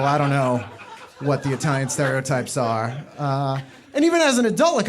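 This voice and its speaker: A young man from the Boston area doing a stand-up routine with dry, ironic delivery, mocking people in high voices. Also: fast talker. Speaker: stand-up comedian.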